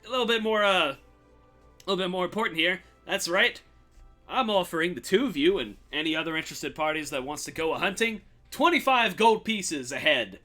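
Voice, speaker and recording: A man voicing a dramatic, showy male human mayor who addresses a crowd in a loud, grandstanding manner. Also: animated, brisk, soft background music. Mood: persuasive. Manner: booming, grandstanding crowd-rousing speech.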